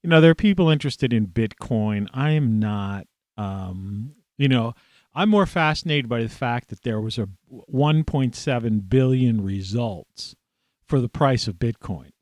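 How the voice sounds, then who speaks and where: A man hosting a solo talk show, hoarse today, rambling with many fillers and restarts. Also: medium pitch, lively intonation, a little slow, darkish tone, no room sound, studio quality. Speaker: podcast host. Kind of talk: solo monologue.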